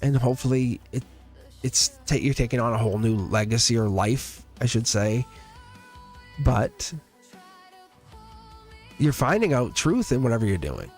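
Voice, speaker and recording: A man's voice: medium pitch, very animated, a little slow, long pauses, a little mellow, soft background music. A man hosting a live tarot stream in casual chat, talking in an earnest, rambling way with many fillers and restarts and frequent laughs. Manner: laughs often between thoughts. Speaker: tarot reader hosting a livestream.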